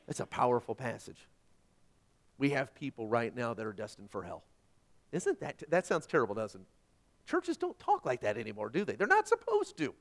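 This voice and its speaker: A middle-aged man preaching a sermon as pastor, emphatic and repetitive, moving between loud and quiet. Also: mid-range voice, very animated, normal speed, creaky, long pauses.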